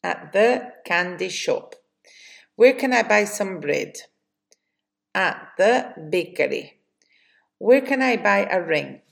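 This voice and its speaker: A woman with a Spanish accent teaching English vocabulary, slowly reading questions and answers in drills. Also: mid-range voice, lively intonation, vocal fry. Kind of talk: slow vocabulary lesson.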